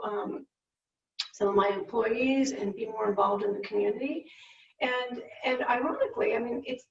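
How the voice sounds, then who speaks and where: A business owner from the United States gives a personal story talk, her slightly high, gravelly voice sounding distant and echoey. She's candid and acts out quotes as she tells it, recorded through a muffled, roomy, distant mic.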